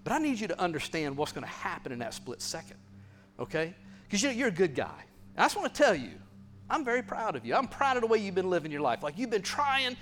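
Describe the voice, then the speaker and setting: A man playing a kindly, fatherly God in a church skit, chatting gently and reassuringly. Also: high voice, sing-song, quick pace, a little hiss or hum. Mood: gentle fatherly. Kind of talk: acted sermon skit.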